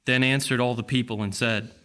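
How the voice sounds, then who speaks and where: A man reading a gospel passage aloud in church in a steady, plain way. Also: medium pitch, fairly quick. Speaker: scripture reader.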